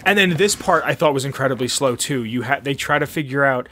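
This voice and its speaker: A man's voice: mid-range voice, fast, pushed and bright, slight background noise. A man co-hosting a podcast, rambling casually and profanely about an old movie and acting out its lines. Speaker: podcast co-host. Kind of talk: casual movie review chat.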